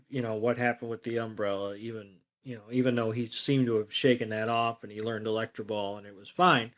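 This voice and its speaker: Laid-back man recapping with filler words. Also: medium pitch. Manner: relaxed storytelling, quotes characters in a plain voice, frequent fillers. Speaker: podcast co-host. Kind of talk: casual episode recap chat.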